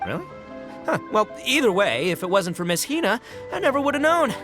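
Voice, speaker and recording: A man's voice: high-pitched, sing-song, a little fast, music in the background. An actor playing a brash, boastful young male gang boss in a video game, boisterous and laughing, tripping over fillers. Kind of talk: game voice acting.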